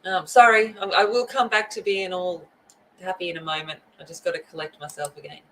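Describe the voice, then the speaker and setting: A woman's voice: on the low side, fairly even intonation, fairly quick, a little hiss or hum, rough recording. A woman hosting a coloring livestream, chatting casually and greeting viewers by name. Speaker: livestream host. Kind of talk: casual chat while coloring.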